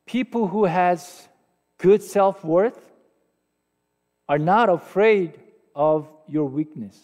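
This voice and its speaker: Man, Korean accent, pastor's sermon, fairly high voice, long reverb of a hall. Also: slow pace, a little mellow. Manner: conversational, self-deprecating, asks the audience questions.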